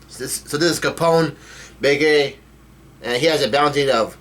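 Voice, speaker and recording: A man casually reading a manga chapter aloud, talking quickly with fillers and restarts and cursing in disbelief at twists. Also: on the high side, fairly bright tone. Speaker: manga reader and reactor. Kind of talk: casual read-through with reactions.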